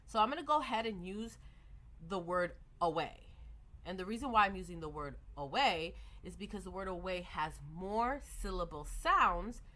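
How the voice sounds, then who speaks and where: Bright-voiced woman explaining reading skills. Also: on the low side, lively intonation, moderate pace. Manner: methodical, models child-directed prompts and clapping. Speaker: teacher educator. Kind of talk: explanatory lecture with modeled classroom prompts.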